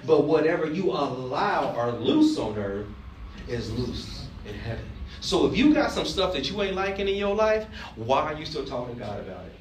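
A man's voice: on the high side, sing-song, normal speed, slight background noise. Man preaching in an echoing sanctuary. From Alabama. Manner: preachy, emphatic, joking asides, call-and-response questions. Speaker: pastor. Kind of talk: sermon. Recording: roomy, distant mic, faint ambience.

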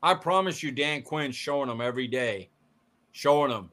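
A man co-hosting a sports podcast, fired up and blunt, mocking pundits in quick bursts. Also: mid-range voice, animated, a bit bright. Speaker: podcast co-host. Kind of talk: casual sports chat.

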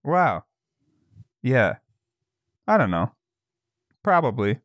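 A man co-hosting a podcast in casual chat, loose and profane, laughing often and talking in quick bursts. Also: mid-range voice, big pitch swings, a bit bright, dry recording, clean studio sound. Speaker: podcast co-host.

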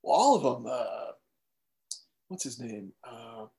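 A man's voice: mid-range voice, big pitch swings, slow, mellow. A man in casual conversation as a podcast co-host, easygoing and a bit hesitant. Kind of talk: casual chat.

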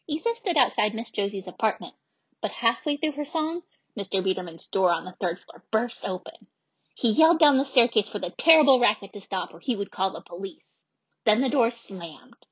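A woman narrating a children's audiobook with lively, expressive storytelling. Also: mid-range voice, slightly rough, no echo, highs cut off.

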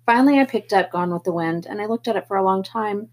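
A woman reading a novel aloud in first person, steady and plain, with the odd slip. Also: medium pitch, quick pace. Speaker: audiobook reader.

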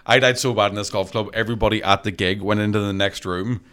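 A man's voice: lowish voice, fairly even intonation, quick pace, fairly bright tone, smooth. A man, a stand-up comedian, telling profane stories in casual chat and laughing as he goes. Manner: profane, laughing through his own stories. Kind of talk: casual podcast storytelling.

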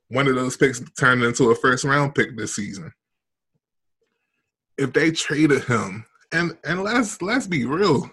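A man with a deep voice co-hosting a sports podcast, chatting in an animated, emphatic way. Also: husky. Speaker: podcast co-host. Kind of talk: casual sports podcast chat.

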